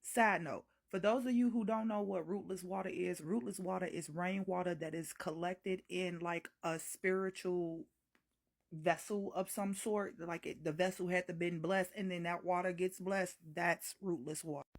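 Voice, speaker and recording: A woman's voice: on the low side, steady tone, moderate pace, vocal fry. A woman telling a wild story in a casual, profane, dramatic way. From Chicago.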